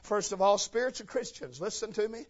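A man preaching a folksy sermon, swinging from shouted passages to low, quiet talk. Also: animated, a little fast, lo-fi sound.

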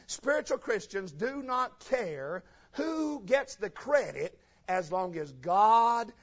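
A man preaching a folksy sermon, swinging from shouted passages to low, quiet talk. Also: very animated, slow pace, muffled recording.

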